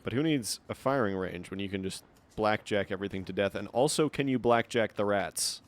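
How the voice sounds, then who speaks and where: A man's voice: lowish voice, brisk. Man chatting through a game stream. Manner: rambling, reads in-game notes aloud. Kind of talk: casual gameplay commentary.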